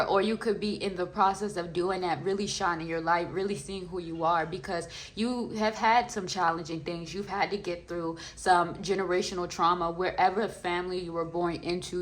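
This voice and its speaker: A woman's voice: on the low side, a bit bright, a little hiss or hum, low-quality recording. A woman giving a pick-a-card tarot reading to her viewers, chatty and reassuring, with many fillers. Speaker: tarot reader.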